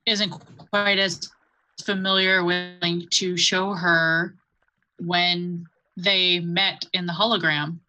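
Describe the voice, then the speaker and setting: Brief: unhurried woman player, crisp bright tone. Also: mid-range voice, low-quality recording. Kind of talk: casual play.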